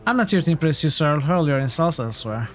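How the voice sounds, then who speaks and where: A man's voice: fairly high pitch, expressive, fast talker, close to an everyday voice. A man voicing a proud male adventurer who speaks in a formal, haughty way. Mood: stern. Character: stiff, proud male adventurer, easily provoked.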